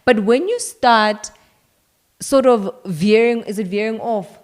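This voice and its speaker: A South African woman in her thirties co-hosting a casual chat, lively and quick to laugh, often talking straight to viewers. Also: a little high. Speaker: co-host.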